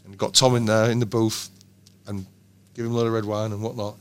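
A man, a band's songwriter, telling lively anecdotes in casual chat, swearing and laughing often. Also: lowish voice, a little fast, smooth. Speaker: songwriter in a band, guest.

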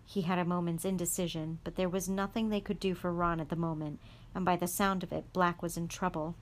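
A woman reading a chapter of a storybook aloud in a calm, even voice. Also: lowish voice, fairly quick. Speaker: guest reader.

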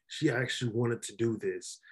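A man's voice: mid-range voice, normal speed, a little mellow, breathy edge. A man co-hosting a casual wrestling podcast, blunt and opinionated as he talks. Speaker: podcast co-host.

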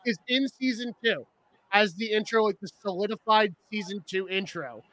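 High, bright-voiced young man chatting. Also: moderate pace. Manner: rambling, animated, laughs often. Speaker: podcast co-host. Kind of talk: casual chat about an anime.

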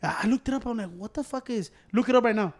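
High-voiced, foul-mouthed man telling a story. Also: fast. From United States. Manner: profane, animated, switches between English and Spanish. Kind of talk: casual storytelling among friends.

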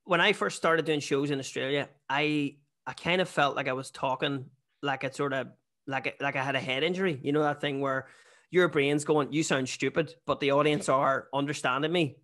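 A man's voice: fairly high pitch, steady tone, moderate pace, a bit bright. A man with a Newry, Northern Irish accent, a stand-up comedian chatting casually as a podcast guest, self-deprecating and full of restarts. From Northern Ireland.

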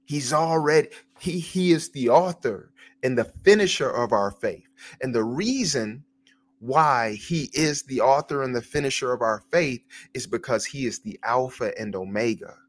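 A man's voice: medium pitch, normal speed. Earnest male podcast host with a mid-range voice, hesitant, tells faith stories. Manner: earnest, hesitant, repeats words. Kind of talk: devotional storytelling.

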